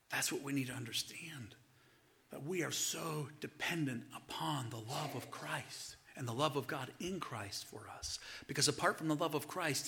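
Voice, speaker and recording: A man's voice: medium pitch, pushed and bright. A man preaching a sermon, who sometimes drops to a whisper and chuckles between points. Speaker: pastor.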